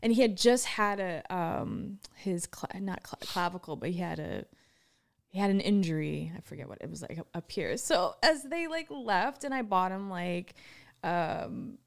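A woman's voice: lowish voice, animated, measured pace, vocal fry. A woman from Wisconsin, co-hosting a casual podcast, telling a story in a chatty, giggly way with many restarts. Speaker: podcast co-host.

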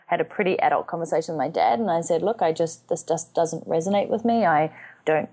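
A woman in her thirties from New Zealand talks as a podcast guest in a casual, chatty way. Her voice sits fairly low, and she slips into lively acted quotes as she tells her stories. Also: fairly quick. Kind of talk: casual conversational interview.

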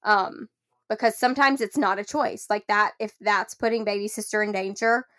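A woman in her thirties, a mother co-hosting a parenting podcast, explaining calmly and slipping into soft, gentle phrases for a child. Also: mid-range voice, moderate pace. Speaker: podcast co-host. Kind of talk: casual parenting podcast chat.

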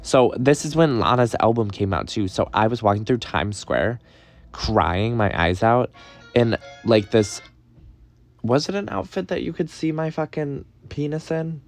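A man's voice: mid-range voice, unhurried, faint music behind. A young man telling a story in a casual, gossipy way, swearing and dramatic. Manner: gossipy, profane, dramatic retelling. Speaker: podcast host.

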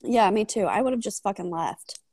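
A woman's voice: medium pitch, lively intonation, brisk, darkish tone, slightly rough, no room sound, clean studio sound. A woman co-hosting a casual book podcast, recapping the plot bluntly and swearing now and then. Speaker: podcast co-host.

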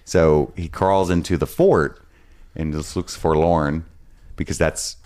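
A man co-hosting a podcast, recapping and musing in a relaxed, rambling way with casual swearing. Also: rumbling low, takes it slowly. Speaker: podcast co-host recapping episodes. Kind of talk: casual chat.

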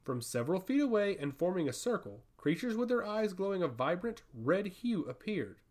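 Male audiobook narrator for fantasy, expressive delivery, animated pitch. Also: normal speed.

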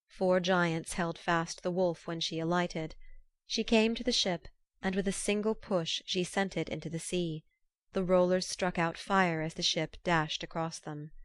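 A woman reads an old myth aloud in a measured, formal storytelling way. Her voice sits on the low side. The recording is close and dry, with no room sound. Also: no echo. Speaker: narrator.

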